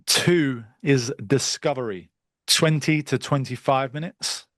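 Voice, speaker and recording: A man leads an online sales masterclass from a video call. His voice sits at an ordinary middle pitch, and the sound is dry and close. He coaches in a direct, brisk way, with a little crude slang. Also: fairly bright tone, dry recording. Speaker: sales trainer. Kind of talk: live online masterclass teaching.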